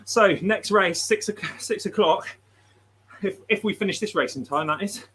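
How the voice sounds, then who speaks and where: Chatty guy hosting a live stream, fairly high voice, reads out chat and laughs alot. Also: normal speed, fairly bright tone, husky. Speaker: livestream host. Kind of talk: casual livestream chat.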